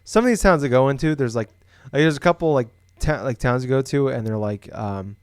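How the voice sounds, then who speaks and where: A man's voice: mid-range voice, fairly quick, a little mellow, smooth, no room sound, studio quality. A young man from Iowa co-hosting a casual podcast, rambling with lots of fillers and restarts. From Des Moines, Iowa. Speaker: podcast co-host. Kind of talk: casual chat.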